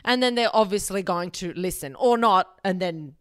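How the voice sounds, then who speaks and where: A young woman hosts a solo advice podcast, speaking bluntly and emphatically and swearing casually. Her smooth, medium-pitched voice moves at a moderate pace, captured in clean studio sound with no echo.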